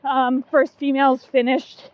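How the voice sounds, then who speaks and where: A woman's voice: sits high, flat delivery, unhurried, dry recording, muffled recording. A woman co-hosting a casual running podcast, chatty and giggly, full of likes and ums. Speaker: podcast co-host. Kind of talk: casual chat.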